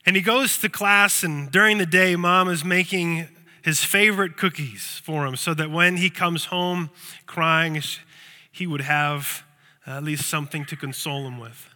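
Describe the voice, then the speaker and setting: A man's voice: fairly high pitch, measured pace, sharp tone, long reverb tail. A male pastor preaching a sermon, telling a story and often repeating words as he thinks.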